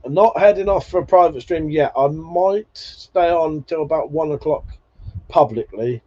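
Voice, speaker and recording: A man's voice: a little high, moderate pace, dark tone. Chatty man, swearing, dull audio. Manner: chatty, swears often, laughs between remarks. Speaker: livestream host. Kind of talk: casual chat reading viewer comments.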